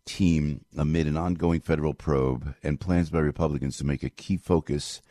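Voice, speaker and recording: A man hosting a morning radio talk show, talking in a casual, opinionated way, excitable and jokey, often jumping loud and high. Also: normal speed, no echo. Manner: animated, excitable, jokey, swings loud and quiet.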